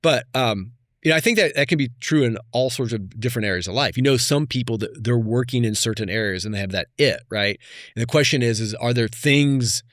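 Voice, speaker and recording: A man in his fifties, a podcast guest, telling stories in a reflective, conversational way that often trails off softly. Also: mid-range voice, a little fast, no room sound, clean studio sound. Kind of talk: casual conversation.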